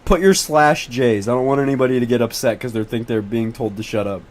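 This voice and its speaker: A teenage boy hosting a casual livestream to his chat as he tracks storms. He swears, pleads and repeats himself over and over, breaking into excitable bursts when he spots something. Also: mid-range voice, a little fast. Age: teens.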